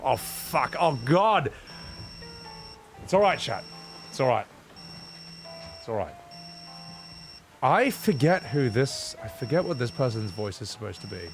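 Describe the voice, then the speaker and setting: A man streaming a video game, talking casually in a rambling, profane way. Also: mid-range voice. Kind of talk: gaming stream commentary.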